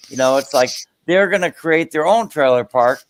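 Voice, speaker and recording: A man's voice: a little high, expressive, moderate pace, no room sound. A man chatting casually, rambling with lots of hesitations. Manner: rambling with many ums. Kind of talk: casual chat.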